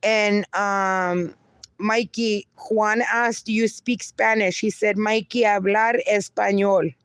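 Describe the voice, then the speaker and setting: Female stream host, unhurried and chatty, mixes in Spanish words, close dry sound. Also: medium pitch, steady tone, smooth, no room sound. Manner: chatty, reads chat aloud, slips into Spanish words. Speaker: livestream host. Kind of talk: casual live chat reading comments.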